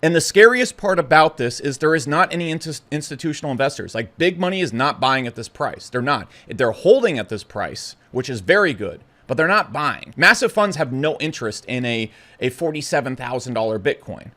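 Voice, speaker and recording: A young man talking bluntly and excitably to camera about the markets, stumbling over his words. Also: medium pitch, a little fast, hardly any pauses. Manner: blunt, brash and excitable, with stutters and restarts. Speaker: crypto commentator. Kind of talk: casual opinionated talk to camera.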